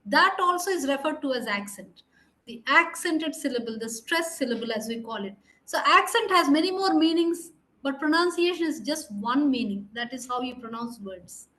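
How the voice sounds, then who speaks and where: High-pitched lady, trainer explaining stuff, lots of uh and you know. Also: expressive, moderate pace, sharp tone, poor audio. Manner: explanatory, polite, frequent fillers. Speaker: English trainer. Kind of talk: online training session Q&A.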